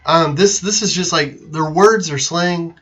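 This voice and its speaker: A Texan man hosts a casual livestream in an unhurried, slightly bright voice on the high side. He's chatty and giggly, trailing off and laughing as he talks, over lo-fi stream audio.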